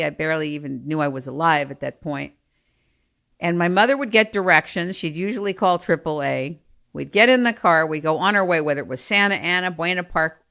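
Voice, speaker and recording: A middle-aged woman telling family stories in an animated, self-mocking way, swinging from quiet asides to loud bursts. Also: fairly low pitch. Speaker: storyteller. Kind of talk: personal storytelling.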